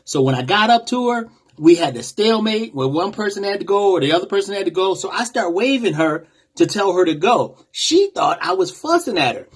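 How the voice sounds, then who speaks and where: A man vlogger telling a personal story in a casual, animated, conversational way. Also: high-pitched, a little fast, husky.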